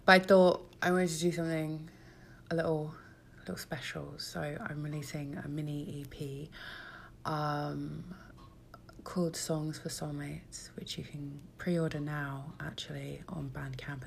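A woman with a low, gravelly voice talks loosely to her viewers as a musician and creator. She rambles and mocks herself, and she keeps sinking into hushed whispers for asides. The tone stays casual and personal throughout. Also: little pitch movement, moderate pace, a little hiss or hum. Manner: rambling, self-mocking, drops to whispers. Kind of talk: casual personal vlog talk.

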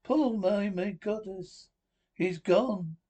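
A man's voice: high-pitched, slow, dark tone, husky, heavily acted. A man voicing an anxious adult woman who calls through an empty house for her husband, in a read-aloud radio play. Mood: worried.

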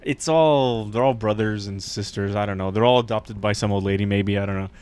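A man's voice: on the low side, fairly quick, a little mellow, smooth. A man hosting a podcast, casually retelling a story with lots of fillers, restarts and asides. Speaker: podcast host. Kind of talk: casual chat.

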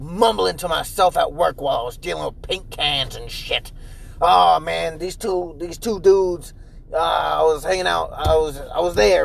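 A young man hosting a casual solo podcast from inside his car, rambling and swearing with animated, profane energy. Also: creaky, rough recording. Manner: animated, profane, jumps into loud high mimicry. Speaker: podcast host.

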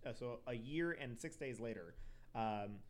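Rambling young man telling crime stories. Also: mid-range voice. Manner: rambling, profane, quick asides and self-corrections. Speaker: podcast host. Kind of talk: casual true crime storytelling.

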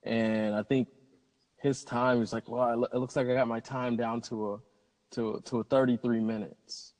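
A man's voice: mid-range voice, flat delivery, moderate pace, darkish tone. A man, a pilot telling stories in a casual interview in an upbeat, rambling way. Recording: long hall reverb.

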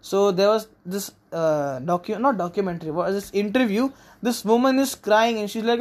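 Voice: mid-range voice, moderate pace, few pauses. A young adult from India, hosting a casual solo podcast in a rambling, frank, sometimes profane manner. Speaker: podcast host.

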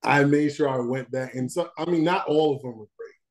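A man co-hosting a podcast in casual chat, animated and slangy, laughing often. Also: mid-range voice, brisk. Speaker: podcast co-host.

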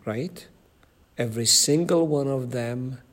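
With a medium-pitched voice, a man teaches a Bible study group at a slow pace, saying um often and asking the group questions.

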